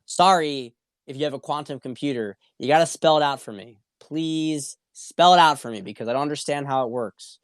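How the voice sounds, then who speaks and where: A male host talks through viewer questions on a casual livestream, blunt and sometimes profane, repeating his points. His voice is smooth and resonant at a middling pitch. The sound is dry and close, with almost no room behind it. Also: a little fast, no echo. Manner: blunt and profane, with frequent repetition and restarts. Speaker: show host.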